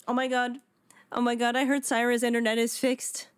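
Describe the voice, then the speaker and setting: A woman in her thirties chatting casually with viewers on a live game stream, excitable and prone to restarting her sentences. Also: on the high side, moderate pace, smooth, no room sound.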